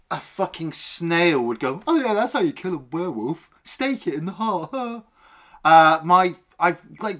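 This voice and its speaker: A man's voice: fairly high pitch, a bit bright. A man co-hosting a film review podcast, ranting with heavy swearing in casual chat. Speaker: podcast co-host.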